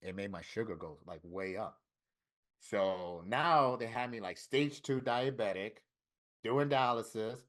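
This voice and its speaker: A man's voice: on the low side, unhurried. Profane, candid middle-aged man telling his story. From Florida, USA. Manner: candid, profane, animated in quoted dialogue. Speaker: interview guest, tattoo artist. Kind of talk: emotional storytelling interview.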